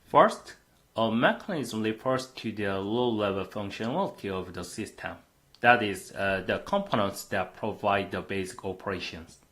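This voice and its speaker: Lively-pitched man giving a lecture. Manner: frequent "uh" fillers, steady explanatory delivery. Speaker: university lecturer. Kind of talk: recorded class lecture.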